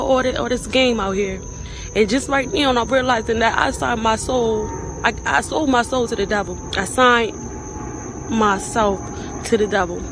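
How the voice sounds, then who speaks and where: A woman rapper records a personal message in a halting, distraught way, stumbling and pleading. Clear outdoor noise sits behind her voice. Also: mid-range voice, low-quality recording.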